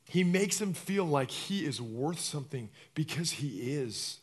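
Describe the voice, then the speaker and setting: Man, pastor, sermon, slightly high voice, acts out quotes, loud to hushed swings. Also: animated, a little slow, few pauses, slightly rough.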